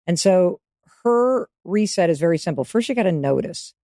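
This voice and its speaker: A woman's voice: fairly low pitch, lively intonation, normal speed, dark tone, no room sound, studio quality. A woman in her fifties, a podcast guest giving advice in casual interview talk, emphatic and coaching, speaking straight to the listener.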